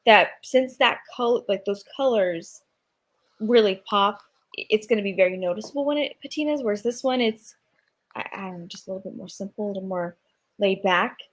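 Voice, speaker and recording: A woman's voice: medium pitch, brisk. A young woman co-hosting a casual chat, thinking aloud in a hesitant, agreeable way. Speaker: co-host.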